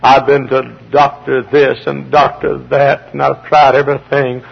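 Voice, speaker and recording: A man pastor preaching a fiery sermon. He swings from shouted peaks to hushed, slow pleas. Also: medium pitch, level tone, gravelly, breathy edge. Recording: dull lo-fi archival sermon tape.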